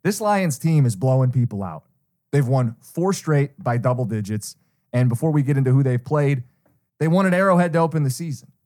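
A man co-hosting a sports betting podcast, talking through the odds in a measured, analytical way. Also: mid-range voice, animated, warm tone. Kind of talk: casual sports betting chat.

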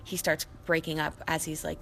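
Young female podcast co-host, gravelly and lowish, rambling and emotional. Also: level tone, a bit bright, slight background noise. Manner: rambling, emotional, quick to laugh. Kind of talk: casual chat recapping episodes.

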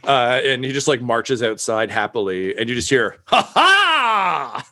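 A man's voice: mid-range voice, normal speed, a bit bright. Laid-back man running a tabletop game. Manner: loose, laughing, filler-heavy narration. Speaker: game master.

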